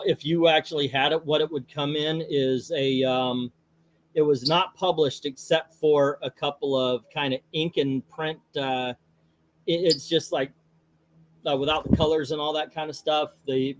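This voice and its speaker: A folksy, rambling man hosting a comic book channel, talking casually as he reads. His voice sits a little high for a man. He mutters and grumbles at the screen between panels.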